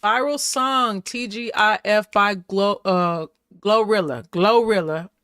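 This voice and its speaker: Woman host doing a chatty recap, playful, laughs a lot, dry close mic, mid pitch. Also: slow pace, a bit bright, no room sound. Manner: chatty and playful, laughs often, breaks into little voices. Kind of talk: casual recap commentary.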